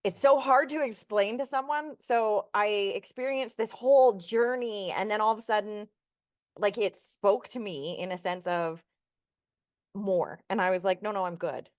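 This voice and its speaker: A woman co-host on a podcast tells a personal story earnestly, acting out remembered dialogue in casual chat. Her mid-range voice is a little slow, and the clean studio recording has no room sound.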